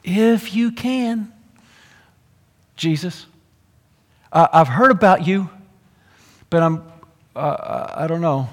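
A man acting out a worried, doubting father of a sick boy, speaking haltingly and trailing off, in a hall with long reverb. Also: on the low side, little pitch movement, dark tone, voice pushed down, natural voice. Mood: hesitant.

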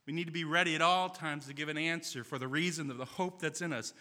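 A man's voice: fairly high pitch, fast, sharp tone, in a large hall. A man preaching a sermon in a church sanctuary, earnest and telling stories with quoted dialogue.

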